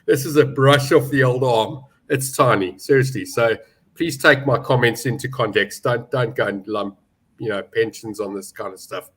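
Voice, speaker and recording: A man's voice: mid-range voice, moderate pace, a bit bright, breathy edge. A man giving betting opinions as a pundit, confident and emphatic, with some joking. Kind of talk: casual sports betting chat.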